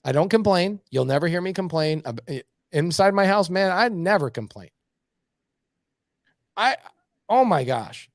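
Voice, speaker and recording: A middle-aged man telling blunt, animated stories as a podcast guest. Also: high voice, unhurried, pauses often, dry recording, clean studio sound. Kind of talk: casual podcast conversation.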